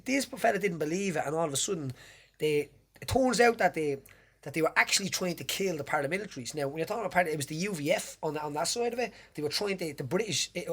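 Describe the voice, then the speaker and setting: This Irish man hosts a loose podcast chat, rattling through a story at a brisk clip. His voice sits a touch high for a man, and he rambles with lively energy and the odd curse. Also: breathy edge. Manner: rambling, animated storyteller with swearing. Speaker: podcast host.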